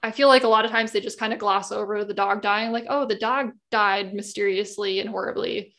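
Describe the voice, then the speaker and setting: A woman's voice: medium pitch, steady tone, a little fast, fairly bright tone. A woman co-hosting a podcast, chatting casually and tentatively with many fillers. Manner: easygoing, filler-heavy, tentative. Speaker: podcast co-host. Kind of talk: casual chat.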